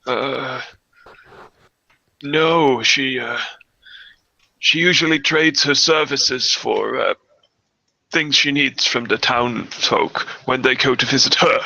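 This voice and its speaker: An old man of the town, plain-spoken and a little grumpy about young people, as a man puts him on. He talks haltingly and fills his pauses with "uh". The tone is very bright, and the sound is dry and close. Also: mid-range voice, vocal fry, dry recording, muffled recording, heavily acted. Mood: matter-of-fact. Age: older. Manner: plain-spoken, hesitant, many "uh"s. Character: old male townsperson, gruff about youth.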